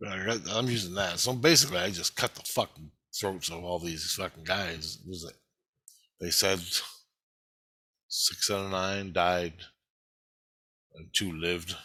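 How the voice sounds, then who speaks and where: A man's voice: sits low, unhurried, pauses often, pushed and bright, breathy edge. A man talking in a rambling personal video monologue, heated and heavily profane. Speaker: vlogger.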